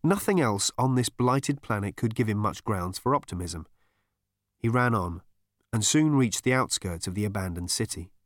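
A man giving an expressive storybook narration with a wry, animated, theatrical delivery. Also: on the low side, normal speed, dry recording, clean studio sound. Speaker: audiobook narrator.

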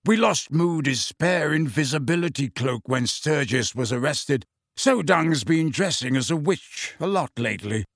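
A man's voice: fairly high pitch, expressive, measured pace, fairly bright tone, no echo, clean studio sound, full character voice. A man reading an audiobook, voicing a bold, wry adult male wizard who talks in a teasing, confident way.

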